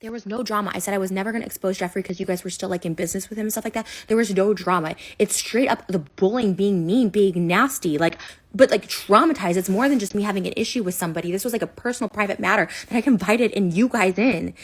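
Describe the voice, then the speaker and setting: A woman in her thirties, upset, venting in a personal rant full of "like" and restarts. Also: medium pitch. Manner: upset, rapid and repetitive, many "like"s and restarts. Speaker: online personality. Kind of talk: emotional personal rant to camera.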